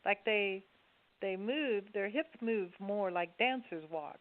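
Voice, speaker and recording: A woman co-host chats in an animated, amused storytelling way. Her pitch is average, and the sound is thin and phone-like. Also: takes it slowly. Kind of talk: casual radio interview. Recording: tinny phone line.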